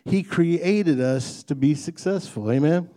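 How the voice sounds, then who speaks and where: A man's voice: fairly high pitch, a little slow, dark tone. A man delivers a sermon in a folksy, conversational manner. He mixes light humor with rising emphasis on his main points, sounding like a pastor talking straight to his congregation.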